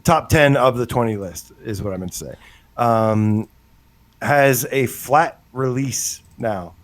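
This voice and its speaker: A man's voice: medium pitch, slow pace. Rambling man co-hosting a gaming podcast. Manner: rambling, hesitant, lots of fillers. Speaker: podcast co-host. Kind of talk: casual gaming podcast chat.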